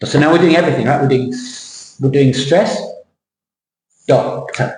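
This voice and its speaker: Teacher drilling words in a roomy class. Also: male voice, fairly high pitch, darkish tone. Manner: drills words slowly, mixes in Thai asides. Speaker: pronunciation teacher. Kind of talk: accent coaching lesson. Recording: roomy classroom with faint hum.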